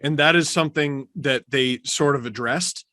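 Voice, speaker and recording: A man in his thirties hosting a podcast, chatting casually, excitable and quick to laugh. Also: fairly high pitch, no room sound. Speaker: podcast host. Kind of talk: casual chat.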